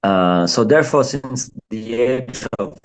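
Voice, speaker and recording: A man with a French accent, a clown and circus performer, talking in a casual interview in halting English with many fillers and restarts. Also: medium pitch, expressive. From France.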